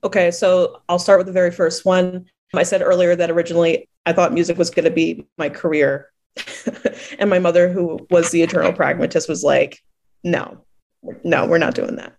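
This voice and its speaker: A woman poet from New Jersey talks in a relaxed interview. She laughs easily and tells her stories with lively acted-out quotes. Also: lowish voice, moderate pace. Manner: chatty storyteller who laughs often and acts out quoted voices. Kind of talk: casual interview conversation.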